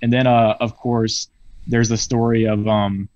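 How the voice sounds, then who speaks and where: A man, a podcast guest, telling a long workplace story in a casual, profane, animated way over a video call. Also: lowish voice, a little slow. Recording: dull lo-fi video call audio.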